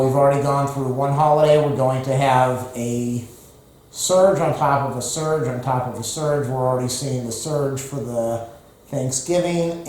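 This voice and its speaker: A man's voice: mid-range voice, darkish tone. A man who is out of breath, counting exercise reps aloud between groans and rambling asides to the camera. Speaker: fitness vlogger. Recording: very echoey room.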